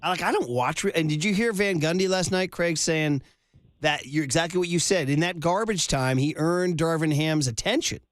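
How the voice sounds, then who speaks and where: A man's voice: on the high side, moderate pace, no room sound, clean studio sound. A man hosting a sports talk radio show, chatting casually and telling stories with a laugh. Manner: chatty, storytelling, laughs often. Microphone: studio mic.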